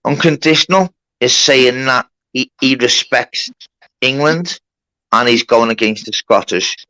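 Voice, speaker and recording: On a live stream, a man hosts a mock court, laying down rules and swearing at anyone who interrupts. He's bossy and sweary and keeps order in casual live-stream moderation. His voice is medium-pitched, measured, bright and forceful, with no room sound on a low-quality recording.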